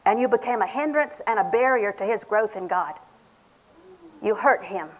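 A woman's voice: fairly high pitch, animated, normal speed, slight background noise, rough recording. An older woman preaching a sermon in a folksy, humorous way, acting out little conversations. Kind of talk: sermon to a women's audience.

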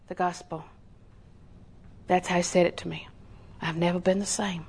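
A woman's voice: lowish voice, normal speed, slightly rough. A woman preacher giving a conversational sermon, telling homespun stories with laughing asides, acting out other people's voices and dropping into whispers for emphasis. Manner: animated storyteller who acts out voices and drops to whispers.

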